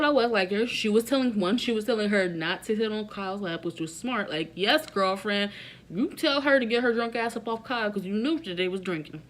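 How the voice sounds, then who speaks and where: A young woman talks through a reality show episode in a loose, casual recap. Her delivery is sassy, opinionated and full of slang. Her voice sits at an ordinary middle pitch.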